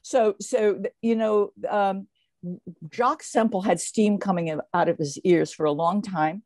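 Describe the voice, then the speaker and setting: An older woman, a guest in an interview, telling stories in a lively way with many fillers and restarts. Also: mid-range voice, a little slow, no room sound. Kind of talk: casual interview storytelling.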